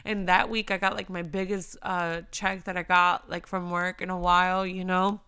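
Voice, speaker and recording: A young woman giving a heartfelt, emotional faith talk, speaking earnestly and moving between near-whispers and loud emphasis. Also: fairly low pitch, flat delivery, normal speed, clear, resonant tone.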